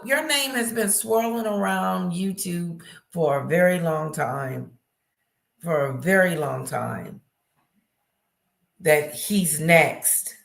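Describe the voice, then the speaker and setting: A woman hosts a casual livestream, reading chat comments aloud, greeting people by name and reacting to what they say. Her voice is lowish, creaky and slightly bright, and the room is echoey.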